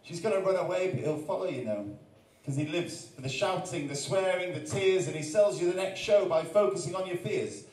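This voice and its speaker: A man's voice: sits high, brisk, a little mellow, recorded from a distance. A man from Wales, a performance poet, reciting rhyming verse at a live arts-centre event, with joking chatty asides between poems. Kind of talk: live spoken-word performance. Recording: echoey room, voice from off the mic.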